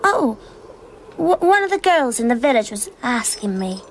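A woman's voice: a little high, very animated, normal speed, slight background noise. A woman playing a dreamy young witch. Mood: wistful. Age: young adult. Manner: flustered, wistful. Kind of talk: animated cartoon voice acting.

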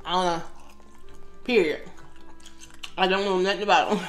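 A woman's voice: lowish voice, steady tone, moderate pace, roomy sound, soft background music. Chatty middle-aged woman eating on camera. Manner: chatty, talks to viewers while eating, lots of mm sounds. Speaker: mukbang host. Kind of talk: casual eating chat.

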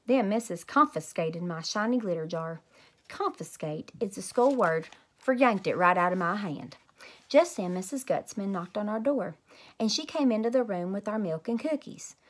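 A woman's voice: mid-range voice, moderate pace. Woman reading a bedtime story aloud. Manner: lively, expressive storytelling.

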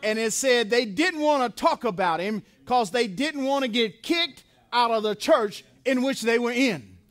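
A man's voice: very high-pitched, expressive, unhurried, a bit bright. A man preaching a sermon in a church, emphatic and repetitive, asking questions and answering them himself. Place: church sanctuary.

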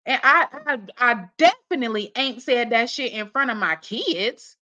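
Blunt, scolding woman with a bright voice. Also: a little high, expressive, moderate pace, muffled recording. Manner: blunt, scolding, swears heavily; mocks others in put-on voices. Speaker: reaction commentator. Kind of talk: profane reaction commentary.

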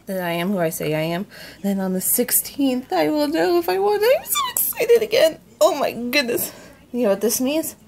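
A woman vlogging to her viewers, giddy and squealing with excitement. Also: medium pitch. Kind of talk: excited casual vlog chat.

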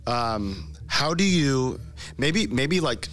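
A man hosting a podcast, casually asking questions with searching, halting phrasing. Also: mid-range voice, lively intonation, fairly bright tone. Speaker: podcast host. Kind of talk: casual conversational interview.

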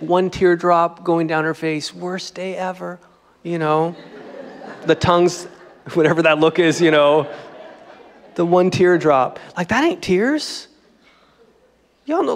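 A man's voice: high voice, long reverb tail. A man preaching a sermon as pastor, in a conversational, joking style. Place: church sanctuary.

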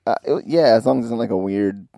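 Male podcast guest, rambling and hesitant, casual swearing, warm gravelly tone. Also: medium pitch, fast talker, dry recording, studio quality. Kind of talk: casual chat.

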